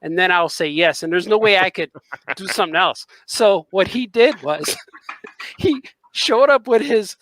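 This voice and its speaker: A man who draws comics, co-hosting a podcast and telling a story with lively acted-out dialogue and frequent laughter. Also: high-pitched, measured pace, no echo, poor audio. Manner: animated storyteller, acts out dialogue, laughs often. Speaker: podcast co-host and comic artist. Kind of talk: casual chat.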